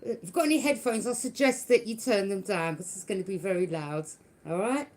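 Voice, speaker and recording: A woman's voice: mid-range voice, fairly quick, a little mellow. A woman giving a live tarot reading. She taunts unseen enemies, laughs at them mockingly and keeps checking in with "yeah?". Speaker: tarot reader.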